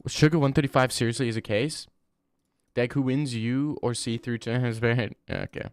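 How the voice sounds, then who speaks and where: Young male streamer, casual and profane, mid pitch, dry voice. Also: steady tone, a little fast, clean tone, no echo. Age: 20s. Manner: rambling, blunt, swears freely. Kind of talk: casual live-stream chat reading.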